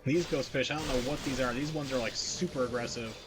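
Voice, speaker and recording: Man streamer, mid-pitch, rambling wry gameplay chatter, faint music underneath. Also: brisk. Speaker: game streamer. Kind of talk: casual gameplay commentary.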